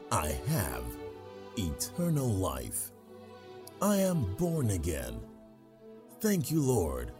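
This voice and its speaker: A man solemnly reading a closing prayer for listeners to repeat. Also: deep voice. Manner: slow and solemn. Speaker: closing announcer leading a prayer. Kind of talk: slow scripted prayer reading.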